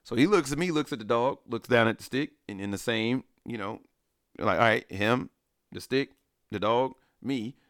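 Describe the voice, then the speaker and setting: A man co-hosting a podcast, telling a story in a casual, animated way with acted-out quotes and laughter. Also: mid-range voice, normal speed, no echo, studio quality. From Alabama. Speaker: podcast co-host.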